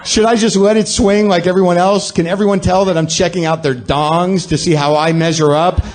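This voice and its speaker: A man's voice: sits high, fairly even intonation, fairly quick, slight background noise. Sardonic man ranting through a comic monologue. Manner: sardonic, ranting, self-deprecating. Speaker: podcast host. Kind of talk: comedic monologue before a live audience.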